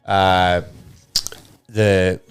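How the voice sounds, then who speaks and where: Low-voiced Northern Irish man spinning yarns. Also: extremely slow, clear, resonant tone. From Northern Ireland. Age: 50s. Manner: animated, rambling anecdotes with restarts. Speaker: guest comedian. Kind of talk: casual podcast storytelling. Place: podcast studio.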